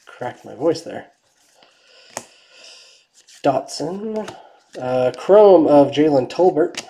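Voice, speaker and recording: A woman hosting a trading card break, giving casual running commentary and dropping to quiet mutters while she checks cards. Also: low-pitched, animated, very slow, long pauses.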